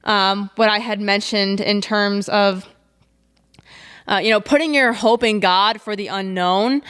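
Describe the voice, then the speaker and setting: A woman's voice: mid-range voice, fairly even intonation, a little slow, fairly bright tone, smooth. A young woman hosting a solo podcast, talking casually and chattily with lots of fillers and trailing "blah, blah.". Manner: chatty, filler-heavy, says blah blah often. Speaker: podcast host.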